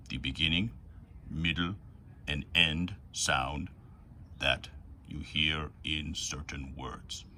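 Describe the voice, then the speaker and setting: A man voicing Handy, a friendly male hand-puppet helper who answers calmly and helps the teacher. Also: very deep voice, slight background noise, exaggerated voice.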